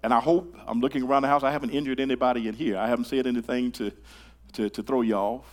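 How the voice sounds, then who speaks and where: An older man preaching a sermon in a church, talking to the congregation in a conversational way, with stammered repeated starts that swing from hushed to loud. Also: mid-range voice, steady tone, quick pace. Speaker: pastor. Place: church sanctuary.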